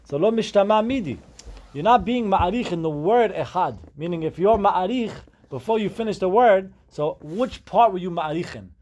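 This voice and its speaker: A man leading a Talmud class, his voice sitting a touch high for a man. He works through the text step by step, dropping Hebrew terms into his English as he explains. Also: a little mellow. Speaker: Talmud teacher.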